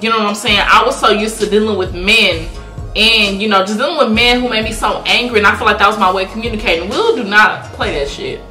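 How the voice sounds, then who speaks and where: A woman in her twenties chatting casually on a vlog, lively and swearing freely as she acts out what people said. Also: medium pitch, quick pace. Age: 20s. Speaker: vlog guest, girlfriend. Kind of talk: casual chat. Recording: echoey room with music behind.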